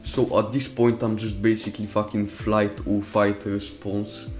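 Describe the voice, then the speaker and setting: Low-voiced young man swearing through a story. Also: level tone, unhurried, a little mellow, soft background music. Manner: profane, rambling, with loose restarts. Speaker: storytime commentary YouTuber. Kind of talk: casual storytelling over gameplay.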